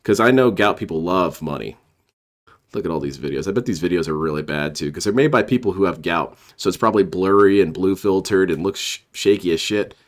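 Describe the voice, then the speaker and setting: Sarcastic, low-voiced male streamer. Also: fairly quick. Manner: sarcastic, rambling, mocking. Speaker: commentary streamer. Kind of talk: casual reaction commentary.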